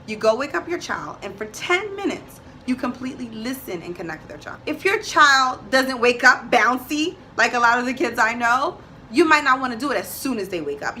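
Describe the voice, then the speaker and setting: A woman's voice: fairly high pitch, bright, forceful tone, slight background noise. A woman giving a motivational talk to parents, emphatic and direct, repeating her key points.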